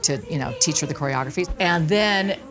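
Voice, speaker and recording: A woman guest telling lively stories in a casual interview, laughing often and acting out quotes. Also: low-pitched, a little fast, music in the background. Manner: animated, laughing, acts out quotes. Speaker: guest dancer.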